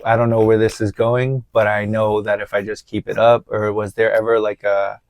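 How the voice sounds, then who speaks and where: A man's voice: fairly low pitch, little pitch movement, normal speed, no room sound. A man hosting a casual interview, asking rambling questions and nodding along with frequent "yeah" and "right". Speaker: podcast host.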